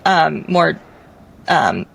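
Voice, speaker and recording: A woman's voice: deep voice, very animated, drawn-out words, creaky, husky, poor audio. A woman in her forties talking earnestly as a podcast guest, thinking aloud in a conversational way. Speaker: podcast guest, divorce expert. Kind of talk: casual chat.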